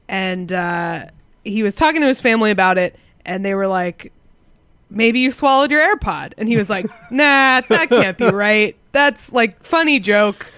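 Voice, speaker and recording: A woman's voice: medium pitch, a bit bright, dry recording. A woman from Massachusetts co-hosting a casual chat, telling a story in a rambling way and laughing often. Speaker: podcast co-host.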